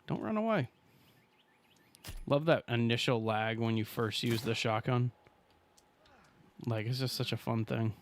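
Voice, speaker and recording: A man in the middle of his pitch range talks his way through a survival game on a live stream. He is casual and friendly, thanking viewers and reacting to what happens on screen as he builds. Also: level tone, a little slow, pauses often, slight background noise. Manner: chatty, thanks viewers and talks to chat while playing.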